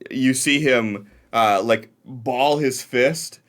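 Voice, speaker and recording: A man narrating a tabletop game as game master, relaxed with many fillers. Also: mid-range voice, slow pace.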